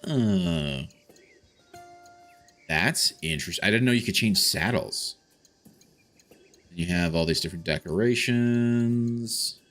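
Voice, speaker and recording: Low-voiced man rambling over gameplay. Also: animated, slow, long pauses, fairly bright tone, faint music behind. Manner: thinks aloud, rambling with frequent restarts. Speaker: gaming streamer. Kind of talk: casual live gameplay commentary.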